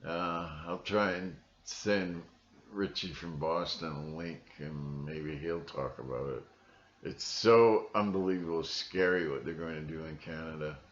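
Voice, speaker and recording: A man's voice: very deep voice, a little slow, slight background noise. A man vlogging at home in a rambling monologue, with frequent restarts and a conspiratorial tone. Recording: roomy, dull lo-fi sound.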